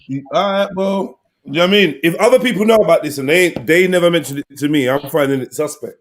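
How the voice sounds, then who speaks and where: A man hosting a live online panel, bantering excitedly in slang over a video call. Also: a little high, quick pace. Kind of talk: casual group chat.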